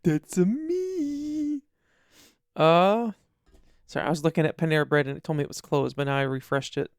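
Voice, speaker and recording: Gravelly laid-back podcast co-host. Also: medium pitch, flat delivery, dry recording, studio quality. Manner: laid-back, quick reactions and teasing asides. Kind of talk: casual chat. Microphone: studio dynamic mic.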